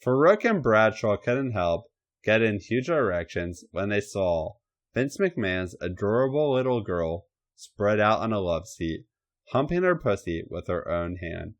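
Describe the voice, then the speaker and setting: A man hosting a podcast, giving an expressive, dramatic comedic erotic story reading. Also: on the low side, measured pace.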